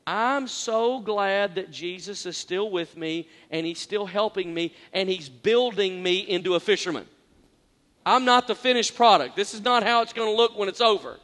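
A male pastor delivers a sermon in a strikingly high voice. He is earnest and pokes fun at himself, hammering phrases through repetition and moving from hushed to loud. His words ring out with the long reverb of a large church hall. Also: normal speed. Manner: earnest and self-deprecating, repeats phrases for emphasis, swings from quiet to loud.

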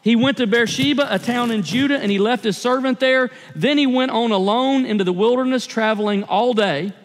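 Male pastor, sermon delivery, earnest and confessional, higher voice, long hall echo. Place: church sanctuary.

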